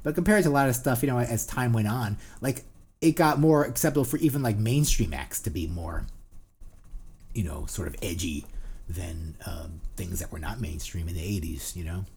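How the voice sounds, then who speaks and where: A man's voice: fairly low pitch, moderate pace, a little mellow, slight background noise. A man in his forties from New Jersey with a New Jersey accent, co-hosting a casual podcast, rambling and swearing with lots of fillers. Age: 40s. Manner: rambling, profane, ranting with many fillers. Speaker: podcast co-host. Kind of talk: casual banter.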